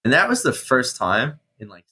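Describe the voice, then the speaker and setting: A man in his thirties, a guest on an interview show, telling his story casually with swearing and animated reenactments of his past self. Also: medium pitch, moderate pace, breathy edge. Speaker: guest, mindset coach and firefighter.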